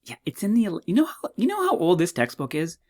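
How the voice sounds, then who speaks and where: Chatty, joking male lecturer. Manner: chatty, self-mocking, jokey asides; quick, animated delivery with sudden pitch jumps. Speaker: university psychology instructor. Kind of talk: recorded course walkthrough lecture.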